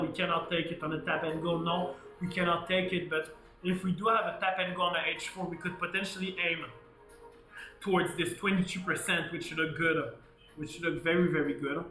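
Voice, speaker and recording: Bright-voiced man hosting a live trading stream. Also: on the high side, fairly quick. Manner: energetic, repeats "guys", laughs often. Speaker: livestream trading host. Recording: echoey room with faint music.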